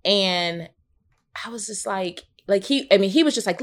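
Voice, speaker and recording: A woman in her thirties co-hosting a casual podcast, telling a personal story expressively with big swings in pitch. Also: moderate pace. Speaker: podcast co-host.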